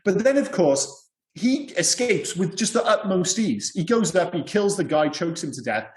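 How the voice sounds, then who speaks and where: A man's voice: high-pitched, animated, moderate pace, echoey room. A man co-hosting a podcast, talking casually and rambling about a film with lots of "you know" and "yeah". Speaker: podcast co-host.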